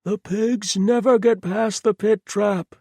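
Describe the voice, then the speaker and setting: A man performs a remorseless but courteous killer for an audiobook, sounding chirpy, apologetic and strangely sensible. His delivery is high-pitched, gravelly and slightly mellow, steady and slow, heavily acted and pushed up, with a dry recording.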